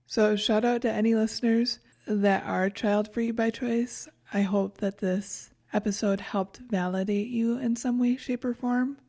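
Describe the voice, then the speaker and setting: A woman's voice: a little high, fairly even intonation, unhurried, warm tone. A woman co-hosting a podcast in casual chat, dry and sarcastic. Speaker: podcast co-host.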